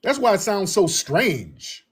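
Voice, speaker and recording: A man delivers political reaction commentary in a husky, slightly rough voice. He speaks high for a man and swings his pitch widely, leaning hard on each point and repeating himself for effect. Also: big pitch swings, takes it slowly.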